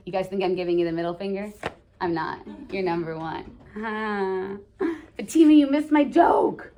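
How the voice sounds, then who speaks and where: A woman teaching a high school English lesson in a classroom. She explains the play in a chatty way, full of jokes and slang asides to her students. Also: animated, moderate pace.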